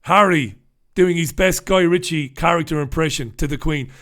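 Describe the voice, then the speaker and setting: A man's voice: a little high, moderate pace, a bit bright. A man hosting a humorous newspaper review on a live stream, casual and wry, swearing freely as he talks. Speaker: host.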